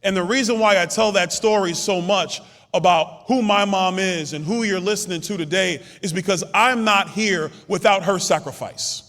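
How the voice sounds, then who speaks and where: The long reverb of a big hotel ballroom surrounds this congressman from Brooklyn, New York, addressing a summit from a podium mic. He tells stories in a punchy, rousing, conversational rally style, his high-sitting voice a bit bright and at normal speed.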